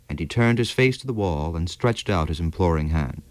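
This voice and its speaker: A male narrator with a fairly low voice, reading a classic story at a measured, unhurried pace. The recording is close and dry, with no room sound. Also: lively intonation, no room sound. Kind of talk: audiobook narration of a classic novel.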